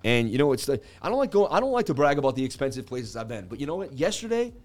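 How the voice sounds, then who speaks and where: A man's voice: mid-range voice, very animated, quick pace, soft background music. Jokey man hosting a market livestream. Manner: joking, chatty, reads viewer comments aloud. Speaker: crypto livestream host. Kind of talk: casual livestream market commentary.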